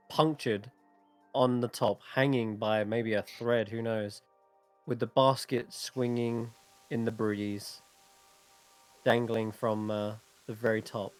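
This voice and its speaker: A man's voice: medium pitch, darkish tone. Man narrating as dungeon master. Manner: descriptive narration with frequent restarts and fillers. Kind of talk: narrating a tabletop game.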